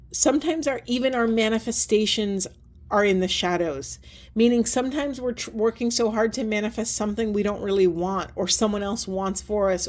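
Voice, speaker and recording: Earnest woman giving a card reading. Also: medium pitch. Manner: soft, earnest, meandering with fillers. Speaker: oracle card reader. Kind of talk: spiritual card reading talk.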